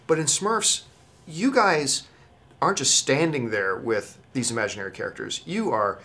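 Bright-voiced upbeat male interviewer. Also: medium pitch, expressive, moderate pace. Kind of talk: promotional interview questions.

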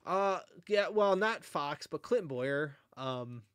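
A man's voice: a little high, animated, takes it slowly, a bit bright, clean tone, no room sound, studio quality. A man co-hosting a podcast in casual chat, joking and laughing often. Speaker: podcast co-host.

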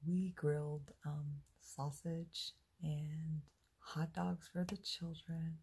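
A woman's voice: deep voice, little pitch movement, drawn-out words, warm tone, a little hiss or hum. A woman talking to the camera in a casual, chatty diary vlog, upbeat and self-deprecating. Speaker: vlogger.

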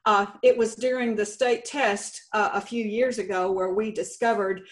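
A woman's voice: medium pitch, steady tone, moderate pace. A middle-aged woman with a Texan accent, a state contest director giving a folksy, lightly humorous conference presentation. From Texas.

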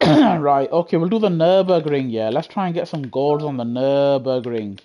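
A man's voice: a little high, animated, normal speed, muffled recording. Chatty man streaming a racing game. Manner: slangy, chatty, talks to himself and chat. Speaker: gaming streamer. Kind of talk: live gameplay commentary. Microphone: gaming headset.

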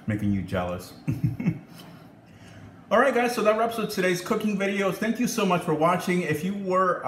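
A man's voice: medium pitch, a little hiss or hum. Chatty man in an echoey kitchen. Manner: chatty, upbeat, frequent um and laughs. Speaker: cooking channel host. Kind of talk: casual cooking vlog.

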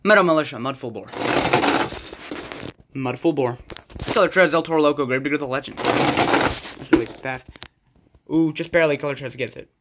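Man, toy race commentary, excitable quick calls, fairly high voice, heavy background noise, clicks. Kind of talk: play-by-play commentary of toy truck races. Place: indoors at home on a rug floor.

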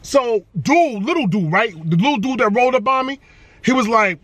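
Energetic male vlogger, high bright voice, playful slang. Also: moderate pace, dry recording. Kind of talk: casual hype vlog talk.

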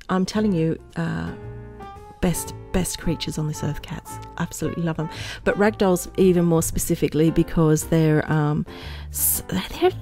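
Middle-aged woman vlogger with a slightly low voice, rambling and playful, laughing at her own jokes, faint music underneath. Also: creaky, darkish tone. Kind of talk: casual chatty vlog.

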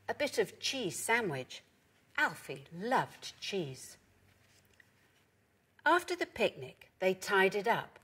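A woman gently reading a children's story aloud. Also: medium pitch, husky.

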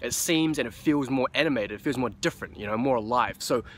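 A man's voice: mid-range voice, fast, a bit bright, a little hiss or hum. A young man with a New Zealand accent talking casually to camera as a vlogger, loose and profane, rambling with lots of fillers.

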